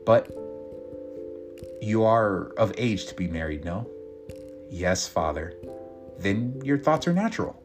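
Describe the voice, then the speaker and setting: A man reading a story voices a calm, patient priest who talks in a gentle, reassuring way. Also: fairly low pitch, slow pace, long pauses. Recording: guitar music behind.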